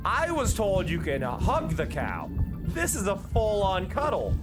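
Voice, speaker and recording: A streamer from the United States talking live over gameplay, emphatic and worked up, repeating key points, at other times reading game text aloud in a playful, mocking way. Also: male voice, high-pitched, wildly swooping pitch, a little slow, music in the background. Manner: heated ranting, emphatic repetition.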